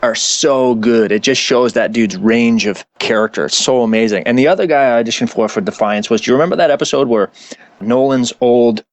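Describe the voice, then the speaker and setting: A man's voice: medium pitch, brisk, dry recording. A man who is a guest actor on a casual podcast interview, telling stories and laughing often.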